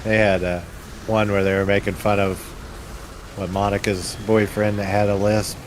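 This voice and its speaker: A man's voice: fairly low pitch, level tone, normal speed, a little hiss or hum. A man joking and teasing his friend while they play a game together. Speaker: fellow player. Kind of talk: casual gameplay chat.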